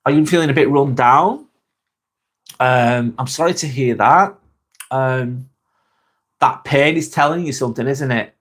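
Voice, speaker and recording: Wearing a wireless clip-on mic, an English vlogger broadcasts live from a spare bedroom, chatting with viewers and reading their comments. He rambles and repeats himself with plenty of ums, in a medium-pitched, slightly bright, unhurried voice that pauses often.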